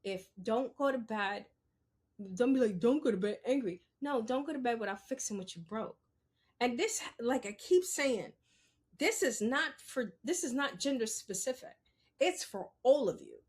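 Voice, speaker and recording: A woman's voice: on the high side, animated, a little slow, husky. A woman hosting a podcast, talking unscripted to her listeners, blunt and profane, often asking "You understand?". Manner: blunt, profane, emphatic, talks straight to the listener. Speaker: podcast host. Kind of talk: unscripted solo commentary.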